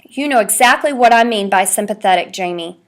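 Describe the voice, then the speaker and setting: A woman's voice: medium pitch, lively intonation, a little fast, close to an everyday voice. A woman voicing a firm, scolding mother in a read-aloud storybook.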